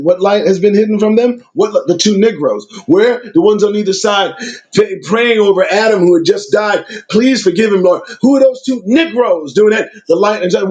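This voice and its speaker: A man's voice: sits high, darkish tone, dull audio. A man reading old scripture aloud and breaking off into casual commentary full of emphatic rhetorical questions.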